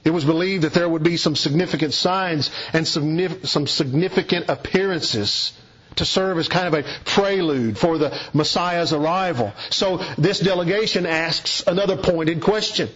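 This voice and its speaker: Emphatic husky-voiced man preaching. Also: fairly high pitch, fairly bright tone, highs cut off. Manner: emphatic, deliberate, stretches key words. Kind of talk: expository sermon.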